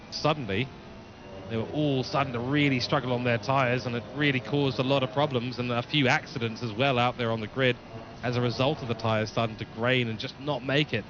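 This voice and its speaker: A man's voice: mid-range voice, dull audio, background noise. A man from New Zealand with a mixed English and New Zealand accent, giving live race commentary and reading viewer chat aloud. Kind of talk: live sim-racing commentary.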